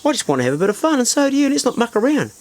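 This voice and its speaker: A man's voice: very high-pitched, sing-song, racing, voice pushed up. A man voicing a blunt, forward woman he met at a pub, speaking matter-of-factly and without fuss. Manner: matter-of-fact, no-nonsense.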